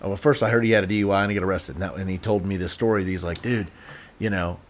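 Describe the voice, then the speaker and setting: A man's voice: sits low, fairly even intonation, racing. A man hosting a casual chat, telling stories with laughter and acted-out quotes. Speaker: podcast host.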